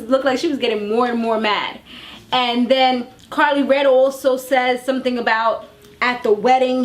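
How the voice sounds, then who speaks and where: A woman reviewing a reality TV episode in a casual, chatty, slangy recap. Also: high-pitched.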